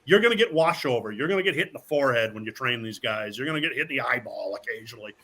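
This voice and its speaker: A man, a wrestler guest, telling stories in a casual chat, animated and swearing freely while acting out what people said. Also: mid-range voice, very fast, slightly rough. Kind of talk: casual storytelling.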